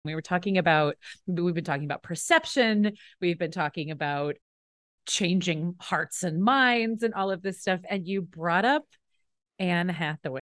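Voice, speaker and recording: A woman's voice: lowish voice, normal speed, fairly bright tone, no echo, studio quality. A woman hosting a casual chat, who laughs often and reacts with short interjections. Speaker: podcast host.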